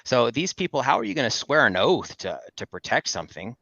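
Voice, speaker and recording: A man's voice: medium pitch, big pitch swings, a little fast, vocal fry, pushed and bright, dry recording, dull audio. A man joining a casual chat over a remote call, giving his opinions firmly and plainly. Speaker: guest.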